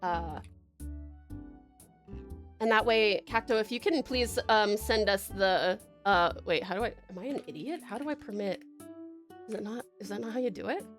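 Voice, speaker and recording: A woman's voice: medium pitch, normal speed, pauses often, faint music behind. A woman from Tasmania, Australia, streaming live in casual chat, rambling and giggling as she greets viewers.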